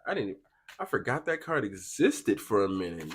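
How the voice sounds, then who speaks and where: A man's voice: on the low side, very animated, a little fast, slight background noise. A young man giving a casual pick-a-card tarot reading, chatty and slangy, talking straight to his viewers. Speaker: tarot reader.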